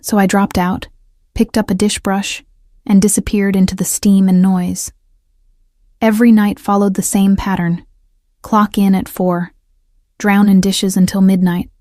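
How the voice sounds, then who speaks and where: A woman narrating a first-person romance story in a measured, scripted way. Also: medium pitch, level tone, warm tone, no room sound, clean studio sound.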